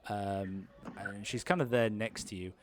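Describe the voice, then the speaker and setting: A man's voice: lowish voice, steady tone, measured pace, a little hiss or hum. A man running an improvised tabletop game, narrating in a rambling way full of ums and kind-ofs. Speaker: game master.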